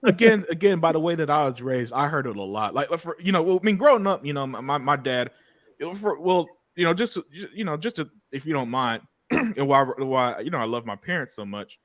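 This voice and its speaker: Animated, stammering man on a podcast. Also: fairly high pitch, fairly quick, no room sound. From United States. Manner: animated, stammers and repeats words, swears freely. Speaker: podcast host. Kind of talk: casual podcast chat.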